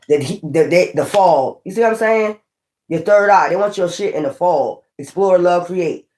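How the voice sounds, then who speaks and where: A woman's voice: lowish voice, darkish tone, a little hiss or hum. A woman giving a casual spiritual tarot reading, blunt, profane and preachy, rambling with frequent restarts. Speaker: tarot reader.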